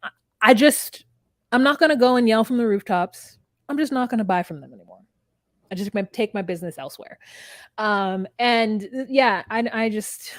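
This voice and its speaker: A woman's voice: a little high, lively intonation, normal speed, fairly bright tone, dry recording, clean studio sound. A woman co-hosting a podcast, recapping a reality show in casual chat with a wry, hesitant manner. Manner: chatty and wry, with frequent hesitations and laughs. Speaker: podcast co-host.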